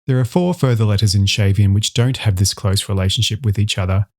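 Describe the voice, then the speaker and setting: A man giving a scripted educational voice-over, clearly enunciating each example sound as he explains an alphabet. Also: lowish voice, a little fast, a little mellow. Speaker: instructor.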